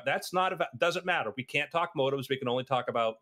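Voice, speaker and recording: A man in casual podcast chat, telling anecdotes and acting out the people he quotes. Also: quick pace. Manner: animated storyteller, acts out quotes with big pitch jumps.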